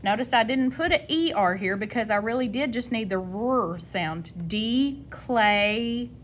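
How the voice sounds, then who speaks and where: Southern teacher lady sounding out spelling words real slow, patient and encouraging, faint rumble behind. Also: expressive. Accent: Southern American. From American South. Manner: sounds out words slowly, repeating each sound. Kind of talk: phonics spelling lesson.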